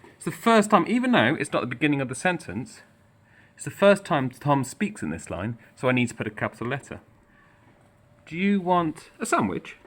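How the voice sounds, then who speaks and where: A man's voice: medium pitch, sing-song, fairly quick, fairly bright tone. A man, a primary school teacher, giving encouraging instructions for a remote lesson while walking around a school, a little out of breath. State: slightly out of breath. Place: indoors in a school, walking between rooms.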